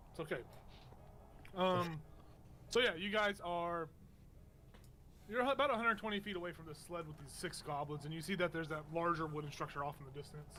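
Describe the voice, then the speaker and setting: A man running a tabletop game over voice chat, relaxed and drawling as game master. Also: on the high side, a little hiss or hum. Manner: relaxed, drawling, says y'all.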